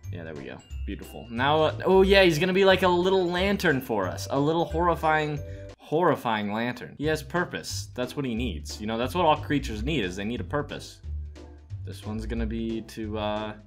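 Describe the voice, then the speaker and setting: A young man giving jokey let's play commentary, chatting to himself as he builds and yelping when startled. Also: on the low side. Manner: animated, jokey, talks to himself while building; yelps and shouts in panic. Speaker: gaming YouTuber.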